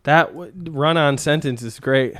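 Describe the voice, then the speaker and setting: Male co-host, fairly high voice, mocks what he reads, dry close mic. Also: unhurried, a bit bright, no room sound. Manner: crude, laughing, mocking. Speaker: podcast co-host. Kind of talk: casual chat, reading reviews aloud.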